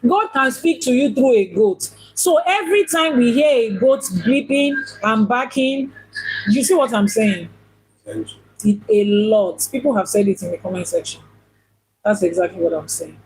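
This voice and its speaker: Husky-voiced woman teaching about faith. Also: fairly high pitch, a little slow, darkish tone, low-quality recording. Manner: questioning, rhetorical, repeats points for emphasis. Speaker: Ifá priestess and teacher. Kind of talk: teaching talk on religion.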